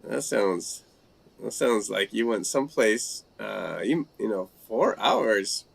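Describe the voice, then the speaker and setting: Man, language chat host, slow deliberate delivery, gravelly fry in the voice, halting tries at foreign phrases. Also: lowish voice, animated. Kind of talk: casual live-stream chat.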